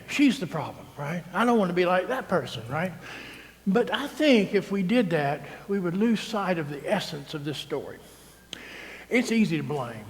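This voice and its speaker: A man's voice: sits high, very animated, normal speed. A male priest, preaching a sermon in a chatty, teasing way and often asking "right?". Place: church sanctuary. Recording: long church reverb.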